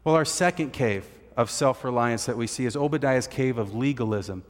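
A man's voice: mid-range voice, normal speed. Man preaching in a reverberant hall. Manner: emphatic teaching, has listeners write points down. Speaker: pastor. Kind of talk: sermon.

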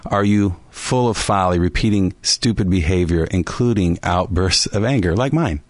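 A man's voice: deep voice, normal speed, no echo. A man co-hosting a faith podcast, telling a story animatedly and laughing at himself often. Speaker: podcast co-host and basketball coach.

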